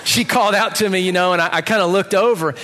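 A middle-aged man tells his testimony with a bright, forceful voice and a slightly high pitch. He tells the story in an animated, comic way. The sound carries a long hall reverb. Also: quick pace. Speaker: speaker giving a personal testimony.

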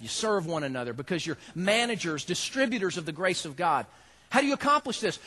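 A man, preaching a sermon in an animated storytelling way that swings from loud preaching to quiet asides. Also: on the high side. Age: 30s. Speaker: pastor.

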